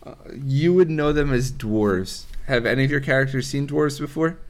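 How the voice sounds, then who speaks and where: A man's voice: mid-range voice, normal speed. A man acting as game master, narrating a tabletop game casually with many restarts. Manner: laid-back, laughing, full of restarts.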